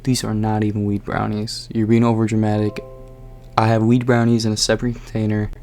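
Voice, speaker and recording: A man's voice: completely flat delivery, brisk, faint music behind, lightly acted. A man voicing a laid-back young male friend who hosts a party and brushes off worries. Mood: dismissive. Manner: casual, brushing off worry, higher and louder.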